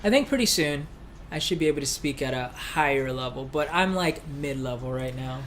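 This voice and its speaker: A man co-hosting a casual livestream from a room at home, talking in a relaxed way with fillers and restarts. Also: mid-range voice, fairly quick, slight background noise. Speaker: livestream co-host.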